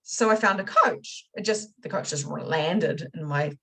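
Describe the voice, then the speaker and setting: A woman teaching a spiritual money masterclass. She talks casually and swears, leaping from loud excitement to quiet, confessional asides. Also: low-pitched, unhurried, rough recording. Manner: casual swearing, chatty direct address. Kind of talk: motivational masterclass talk.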